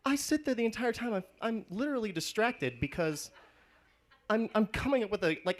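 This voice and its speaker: A young man performing a student stand-up set, rambling and restarting his sentences. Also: sits high. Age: young adult. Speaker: stand-up comedian.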